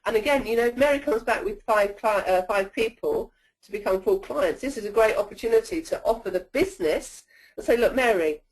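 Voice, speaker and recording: A woman's voice: medium pitch, lively intonation, brisk, a little mellow, poor audio. A woman presenting a sales-training webinar in a coaching tone, often checking in with "okay?".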